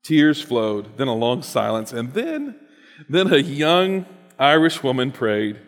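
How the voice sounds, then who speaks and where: A man's voice: medium pitch, very animated, slow pace, big-room sound. A man reading a written personal story aloud in an earnest, reflective way, then reflecting on it as host.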